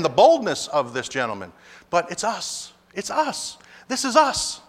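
A man's voice: fairly high pitch, very animated, normal speed, fairly bright tone, big-room sound. A man preaching a sermon with emphatic delivery, speaking lines in the voices of God and Jonah in turn. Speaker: pastor.

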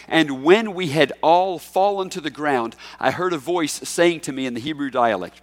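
A man preaching through a passage of scripture, his voice sitting a little higher than most men's. He is emphatic and swells to loud peaks on key lines. The sound carries the long reverb of a large church hall. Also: moderate pace, few pauses. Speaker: pastor. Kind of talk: expository sermon.

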